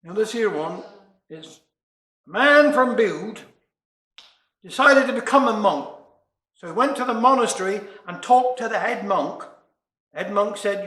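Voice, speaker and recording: A man with a Cornish accent telling comic stories and dialect verse in a folksy, measured way. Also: very high voice, sharp tone. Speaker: storyteller. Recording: echoey room.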